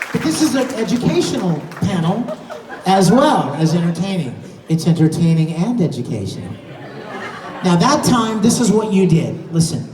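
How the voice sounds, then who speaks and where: A man's voice: high voice, darkish tone. A man on a live convention Q&A panel, teasing and coaching a fan in a playful way, recorded on a phone from the audience. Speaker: voice actor answering fan questions on a convention panel. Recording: distant phone recording in an echoey hall with crowd noise.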